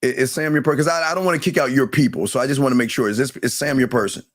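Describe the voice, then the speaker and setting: A man's voice: mid-range voice, rapid-fire, no echo, studio quality. A man hosting a live call-in show, quizzing callers and cutting them off when they ramble. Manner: bossy, impatient with callers.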